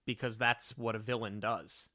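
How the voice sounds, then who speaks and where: A man's voice: on the low side, steady tone, normal speed, bright, forceful tone, no room sound, studio quality. A man co-hosting a film review podcast, making his case in an analytical, firm way. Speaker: podcast co-host. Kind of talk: casual film review chat.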